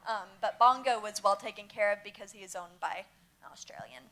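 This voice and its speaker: A young woman telling lively anecdotes from a mission trip to a church youth group. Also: mid-range voice, fairly quick.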